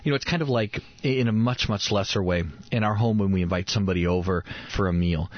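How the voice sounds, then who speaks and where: A husky man in his thirties speaks in an earnest devotional radio talk, repeating words as he works toward each point. His voice sits low, and the recording is dry and dull like a lo-fi radio broadcast. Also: quick pace, no room sound. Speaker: radio host.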